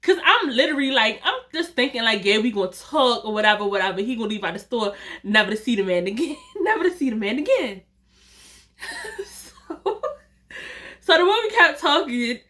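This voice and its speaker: A young woman vlogger tells a playful story straight to her viewers in a sing-song way at normal speed. Her voice runs a little high, bright and forceful, and her loose delivery keeps breaking into her own laughter.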